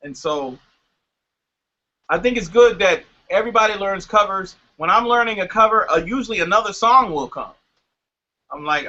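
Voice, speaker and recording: A man with a high, bright voice talks casually as an interview guest, explaining his craft through examples. His voice comes through a dull, lo-fi line. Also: expressive, moderate pace, pauses often. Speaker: music producer guest.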